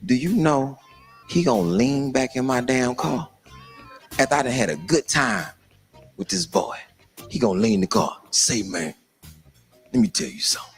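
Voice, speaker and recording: Middle-aged male stand-up comic, punchy storyteller, very animated delivery. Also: mid-range voice, normal speed, long pauses, slightly rough, faint music behind. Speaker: stand-up comedian.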